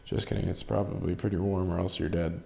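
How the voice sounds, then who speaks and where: Gravelly low-voiced man rambling casually. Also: little pitch movement, fast talker, warm tone. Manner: rambling, swears freely, jokes at himself. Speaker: podcast host. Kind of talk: casual solo podcast chat.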